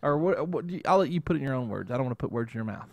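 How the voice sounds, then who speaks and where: A man's voice: mid-range voice, expressive, very fast, vocal fry, a little mellow, no echo. Rambling man hosting a casual talk show. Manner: rambling, keeps adding "okay?". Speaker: show host. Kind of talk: casual chat.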